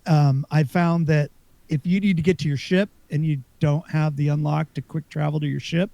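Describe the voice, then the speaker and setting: A man with a slightly high, gravelly, dark voice speaks at a normal, steady pace while co-hosting a podcast, rambling casually about a video game with plenty of fillers and restarts. The lo-fi recording has no echo.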